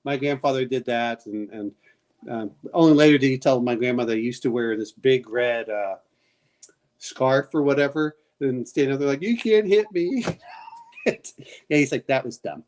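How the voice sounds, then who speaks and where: A man chatting casually and telling a long family story, halting often with fillers. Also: medium pitch, a little mellow. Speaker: game master. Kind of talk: casual chat.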